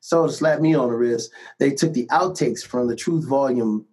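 A middle-aged man telling stories from his music career in a casual interview, animated and laughing often. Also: medium pitch, normal speed, low-quality recording. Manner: animated anecdotes with frequent laughs and repeated "man" and "right?". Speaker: musician guest.

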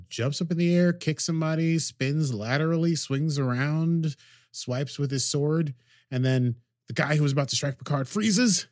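A man co-hosting a podcast who recaps a TV episode as an animated storyteller and laughs often. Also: medium pitch, no echo, clean studio sound. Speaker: podcast co-host.

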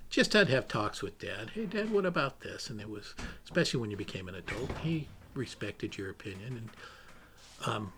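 A man's voice: on the low side, animated, moderate pace, fairly bright tone, a little hiss or hum. A man telling stories about his father in a casual, rambling way, with many fillers and restarts. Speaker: interviewee remembering his father. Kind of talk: casual storytelling.

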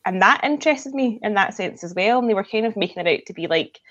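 A woman's voice: medium pitch, lively intonation, fast, fairly bright tone, dull audio. A woman hosting a casual chat, talking bluntly and swearing now and then.

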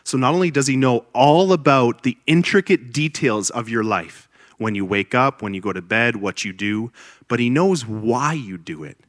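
Delivering a sermon to his congregation, a man explains things earnestly, with emphatic outbursts and gentle teasing of the audience. He has a mid-range, fairly bright voice with lively intonation and a moderate pace, in a dry, studio-quality recording.

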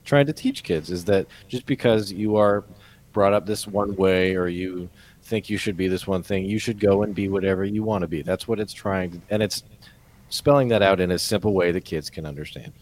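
A man's voice: deep voice, normal speed, a little mellow, slight background noise. A man co-hosting a podcast, explaining his view emphatically in casual chat, with some joking. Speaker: podcast co-host.

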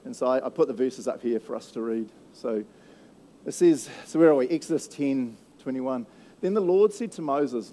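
A man's voice: medium pitch, warm tone, a little hiss or hum. A man, a pastor giving a casual, jokey sermon and acting out voices of the people in the story. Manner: playful, jokey, acts out quoted voices.

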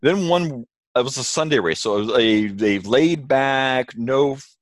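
A man telling a story in casual chat with animated delivery, acting out quotes. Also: mid-range voice, unhurried, no room sound. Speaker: co-host, sailor.

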